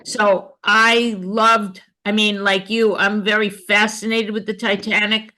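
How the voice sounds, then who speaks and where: A woman's voice: mid-range voice, level tone, a little slow, bright, forceful tone, poor audio. A woman in an online book club, speaking earnestly and at length over a video call. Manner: earnest, rambling. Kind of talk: casual discussion.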